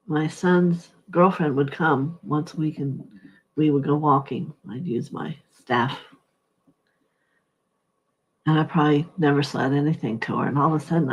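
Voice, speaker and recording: A middle-aged woman gives a heartfelt spiritual testimony, pausing often as she speaks. Her voice is husky and unhurried. The recording sounds dull and lo-fi. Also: sits low. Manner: slow, halting, heartfelt, soft-spoken.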